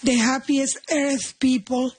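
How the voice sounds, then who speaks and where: A woman's voice: high voice, steady tone, takes it slowly, husky. A woman on a comedy panel who talks playfully and repeats her words as she stammers.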